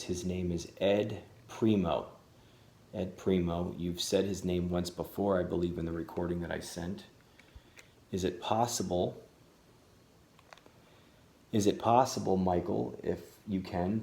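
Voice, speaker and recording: A man with a very deep voice narrates a paranormal vlog at a slow, deliberate pace, at times calling out to unseen guides. The sound is echoey and roomy, as if recorded in a bare room. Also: creaky, mellow. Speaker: paranormal investigator. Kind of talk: vlog narration and spirit session.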